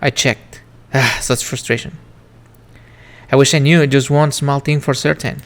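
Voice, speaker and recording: A man's voice: medium pitch, fairly even intonation, unhurried. Man reading game narration wistfully. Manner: reflective, wistful reading of first-person narration. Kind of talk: reading game text aloud. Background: faint game music.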